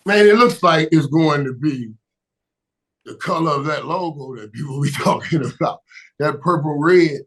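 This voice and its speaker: Guest spot: excitable high-pitched man, repeats himself, punches words hard. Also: moderate pace. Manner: emphatic, repeats words, shouts for emphasis, laughs often. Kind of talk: animated sports talk.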